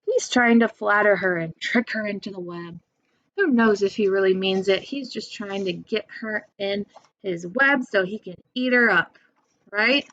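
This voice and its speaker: A woman's voice: medium pitch, fairly bright tone, no room sound. Patient woman teacher, dull dry recording. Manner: patient, slow and clear, spells words out. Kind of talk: remote lesson on poetry.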